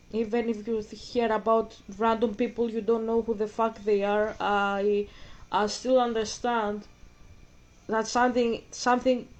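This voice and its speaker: A woman's voice: a little high, a little mellow. A woman from Greece, chatting casually and hesitantly in English, often repeating words as she searches for them, on a dull lo-fi recording. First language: Greek. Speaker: vlogger. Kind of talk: casual emotional chat.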